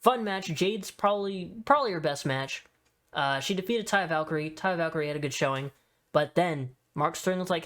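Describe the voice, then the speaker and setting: A young man giving casual, excitable tier-list commentary, swearing freely and saying dude a lot. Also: fairly high pitch, normal speed. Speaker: wrestling video host.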